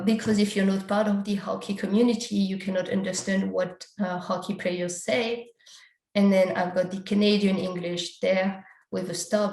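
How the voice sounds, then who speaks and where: At an academic conference, a woman with a slightly mellow mid-range voice walks the audience through slides, breaking down survey results step by step and often citing the survey questions. The room sound is noticeable and the audio quality is poor.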